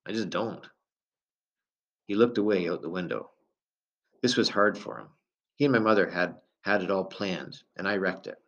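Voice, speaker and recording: A man reading a first-person novel aloud in a calm, measured way. The recording sounds dull and lo-fi. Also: low voice. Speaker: audiobook narrator.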